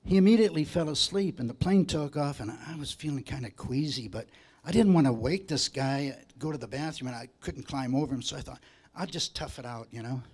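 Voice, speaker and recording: A male comedian tells stand-up jokes in a chatty storyteller's way. He has a slightly high voice and slips into quick voices for the people in his jokes. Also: darkish tone, breathy edge. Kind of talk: stand-up joke telling.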